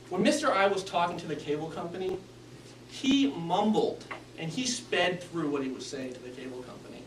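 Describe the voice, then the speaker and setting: A man's voice: sits high, fairly bright tone, slight background noise. A man giving a prepared club speech on speaking skills, with varied inflection and an instructive manner. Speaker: Toastmasters speaker. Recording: echoey room, mic from a distance.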